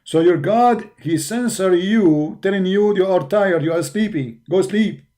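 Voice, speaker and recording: A livestream host critiques religion, arguing in broken English in a tired, mocking tone and repeatedly calling his listeners brother. His voice is high and mellow, and he speaks at a measured pace.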